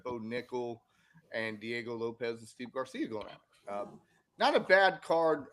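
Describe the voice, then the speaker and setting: A man's voice: mid-range voice, a bit bright. A man co-hosting a sports podcast, chatting casually and rambling with many fillers and restarts. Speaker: podcast co-host.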